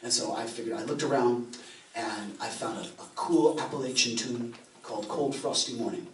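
American male folk singer, rambling stage patter, mid pitch, caught from across a reverberant room. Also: moderate pace, distant mic, very noisy. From United States. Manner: rambling and anecdotal, restarting phrases. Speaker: folk musician. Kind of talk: on-stage storytelling between songs. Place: live concert venue. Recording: roomy live recording from afar.

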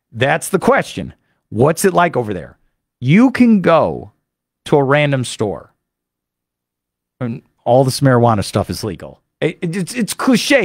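A man hosting a sports radio show, telling a rambling, excitable story full of fillers into a studio microphone. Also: on the high side, gravelly, no echo. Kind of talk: animated monologue recapping a trip.

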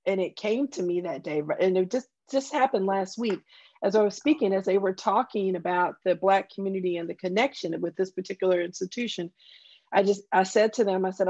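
A woman's voice: mid-range voice, a little fast, a little mellow, no room sound, dull audio. A woman with a Southern accent, a guest telling personal stories in an earnest, heartfelt way. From Southern US countryside. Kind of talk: conversational interview.

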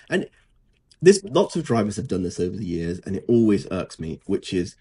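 A man's voice: deep voice, big pitch swings, normal speed, dark tone, slightly rough. Dry, sarcastic man. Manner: dry, sarcastic, mocking impressions. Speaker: podcast co-host. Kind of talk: casual chat.

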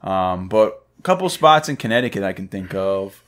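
A man's voice: low-pitched, very animated, moderate pace, fairly bright tone. A man co-hosting a podcast, chatting casually and telling stories. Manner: laid-back, swears casually, acts out funny stories. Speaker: podcast co-host. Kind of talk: casual chat. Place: cigar lounge podcast set.

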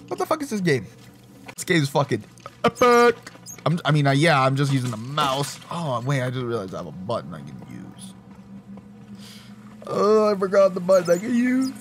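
An excitable young man talks through his gameplay in casual, profane commentary. His slightly high voice swings widely as he reacts. Game music plays steadily under his voice. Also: measured pace, pauses often. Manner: excitable and profane, laughs and exclaims often. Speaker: gaming channel host.

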